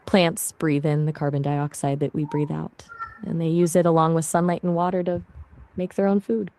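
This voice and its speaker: Mellow, chatty AI assistant woman's voice. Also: deep voice, level tone, moderate pace, a little hiss or hum. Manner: friendly, chatty, asks questions back. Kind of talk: casual conversational answers.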